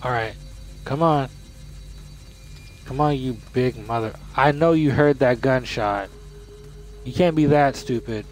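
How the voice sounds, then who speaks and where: A young man giving casual commentary while playing a video game, excitable and cursing, often shouting at the game. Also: medium pitch, unhurried, long pauses, faint music behind. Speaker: gamer.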